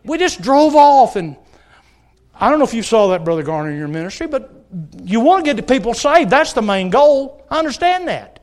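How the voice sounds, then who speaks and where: Very high-pitched and sing-song, yet darkish in tone, this middle-aged preacher moves briskly through a sermon with an altar call. Telling stories, he pleads earnestly with the church congregation.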